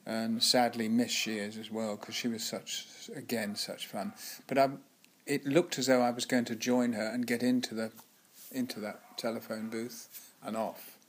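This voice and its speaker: A man's voice: mid-range voice, level tone, moderate pace, husky. An older man and former actor, telling chatty, laughing anecdotes in an interview with frequent restarts. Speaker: guest actor.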